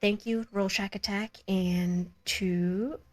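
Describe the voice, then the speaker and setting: A woman's voice: mid-range voice, steady tone, slow pace. Giggly woman game master wrapping up. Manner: bubbly, giggly, chatty. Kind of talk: casual chat wrapping up a live tabletop stream.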